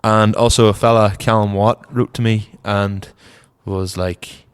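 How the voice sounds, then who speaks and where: A young man with a Northern Irish accent co-hosting a casual car podcast, rambling in a relaxed way, trailing off softly, and feeling cold. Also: fairly low pitch, a little slow, clean tone. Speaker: podcast co-host. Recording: long reverb.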